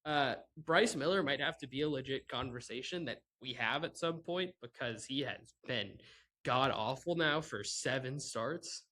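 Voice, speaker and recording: A man with a bright, forceful voice hosts a solo sports podcast into a laptop microphone. He rants in a sarcastic, exasperated way, mocking and breaking into laughter, at a mid pitch. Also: normal speed. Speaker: podcast host. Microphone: microphone with laptop and camera.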